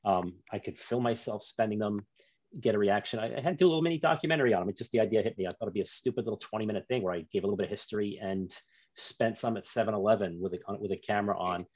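Low-voiced man with dull lo-fi sound. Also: racing, darkish tone, dry recording. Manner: rambling storyteller, easy and self-mocking. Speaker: guest, author and documentary maker. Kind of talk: casual interview chat.

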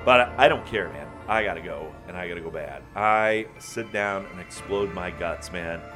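Low-voiced man telling a comic story. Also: moderate pace, over loud music. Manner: animated, bursts into loud excited retelling; folksy, says man and buddy.

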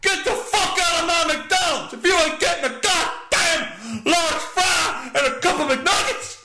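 A man voicing a hot-tempered male fast-food security guard who rants profane threats at customers. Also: very high-pitched, raised voice, pitched above the performer's own voice. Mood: shouting. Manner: profane, menacing rant.

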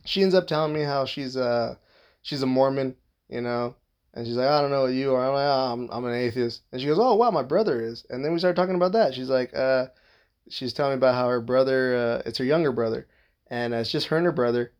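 A man's voice: medium pitch, quick pace, a little mellow, clear, resonant tone. A young man telling a casual, profane story, rambling with lots of filler words and acting out what people said. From Southern California. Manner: profane, rambling, full of "like" fillers, acts out quoted talk.

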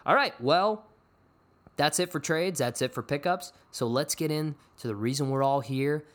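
At a normal speed and medium pitch, this man rambles through a laid-back fantasy sports podcast. He keeps it offhand, tossing in jokes and teasing himself as he hosts.

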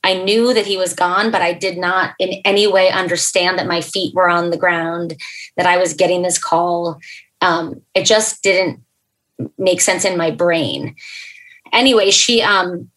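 A young adult woman, a podcast guest, telling an emotional personal story in an earnest, halting way, with fillers and restarts. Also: lowish voice, steady tone, a bit bright, low-quality recording.

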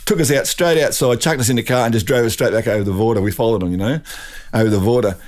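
An older man with an Australian accent, a guest telling a rambling, animated anecdote full of restarts. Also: mid-range voice, fast talker. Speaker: guest, retired drag racing champion. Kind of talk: storytelling anecdote.

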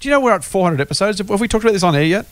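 Australian man, podcast host, quick talker, lively voice, dry close sound. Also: high voice, dry recording. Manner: jokey, teasing, laughs often. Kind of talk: casual finance podcast chat.

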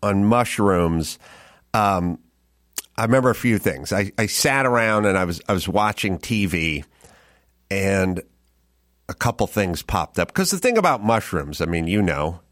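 A man's voice: deep voice, expressive, a bit bright, no room sound, studio quality. A man hosting a casual talk show, telling meandering stories and acting out little exchanges in quotes. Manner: rambling storyteller, slow drawn-out phrasing; acts out dialogue in quotes. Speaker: podcast host. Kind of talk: casual chat.

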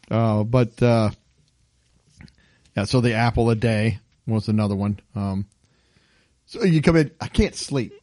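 This podcast guest speaks slowly in a fairly low voice, with long pauses, captured in a dry recording. In casual conversation he spins animated stories, laughing and doing voices.

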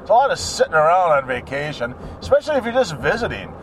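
A man's voice: a little high, very animated, quick pace, a bit bright, slight background noise. A middle-aged man chatting casually while driving, rambling from topic to topic and grumbling at other drivers. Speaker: vlogger. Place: in a car.

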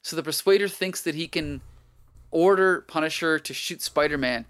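A man's voice: on the high side, moderate pace, fairly bright tone, clear, resonant tone. A man hosting a casual chat recapping a comic book, rambling with many fillers and chuckles. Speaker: podcast host.

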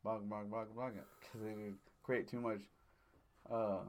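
A man's voice: on the low side, level tone, a little slow, a little mellow. A man in casual chat, telling a rambling story with profanity and frequent laughs.

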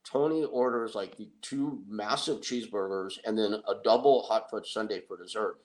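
A middle-aged man telling an anecdote in a casual, excitable way, with restarts. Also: fairly low pitch, moderate pace, low-quality recording. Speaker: guest storyteller. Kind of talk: casual anecdote on a talk show.

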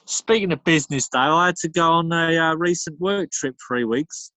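A man's voice: fairly high pitch, normal speed, pushed and bright, no room sound. A man voicing a cocky male London pub regular who tells crude jokes, with a London accent. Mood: cheeky. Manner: cheeky, crude joke-telling. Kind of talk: comedy podcast character bit.

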